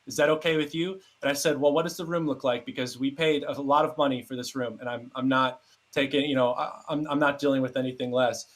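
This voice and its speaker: A young man telling a rowdy story in casual podcast chat, swearing freely and getting animated. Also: medium pitch, fast. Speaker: podcast guest.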